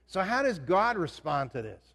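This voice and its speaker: A male pastor delivers a conversational sermon in a reverberant hall, frequently putting questions to the congregation. His voice is high and a bit bright, with a sing-song lilt at a normal speed.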